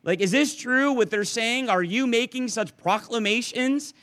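Incredulous Roman governor, male, scoffing and emphatic, played by a preacher in his own bright voice. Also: very high-pitched, unhurried, pitched above the performer's own voice.

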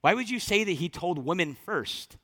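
A male pastor delivers a fervent sermon in a high, bright voice. He pushes hard on key lines, then drops to quiet, slow passages. A long reverb hangs behind him as in a large hall. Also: animated. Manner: impassioned preaching that swings from loud to hushed.

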